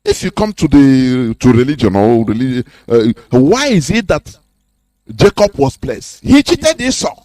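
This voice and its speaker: Radio host preaching hard, high voice that jumps all over, dry close mic. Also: male voice, very animated, a little slow, warm tone, dry recording. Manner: preachy, emphatic, rhetorical questions with chuckles. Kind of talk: impassioned radio talk.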